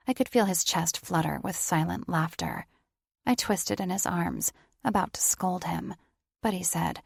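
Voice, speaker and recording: A woman narrating a first-person romance audiobook in plain, even storytelling. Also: lowish voice, normal speed, gravelly, slightly rough, dry recording, clean studio sound.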